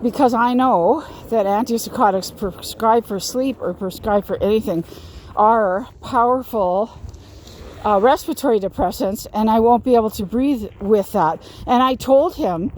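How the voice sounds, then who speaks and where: A woman's voice: a little high, moderate pace, darkish tone, a little hiss or hum. A woman vlogger recounting a personal experience in an emphatic, repetitive way, often restarting her sentences. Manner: emphatic, repeats herself, frequent restarts. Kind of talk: casual storytelling to camera.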